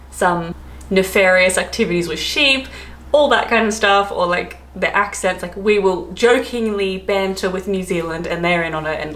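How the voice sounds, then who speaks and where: A woman's voice: lowish voice, fairly bright tone. A woman with an Australian accent, chatting casually to camera, rambling and often laughing. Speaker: travel vlogger. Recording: echoey room, faint ambience.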